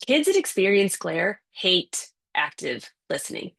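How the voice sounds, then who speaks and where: A woman parenting coach speaks from home over a video call, her fairly low voice carrying a gravelly rasp. She is chatty and acts out everyday scenes as she explains. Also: very animated, a little slow, a bit bright. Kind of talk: casual interview answer. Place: home with kids and a dog nearby.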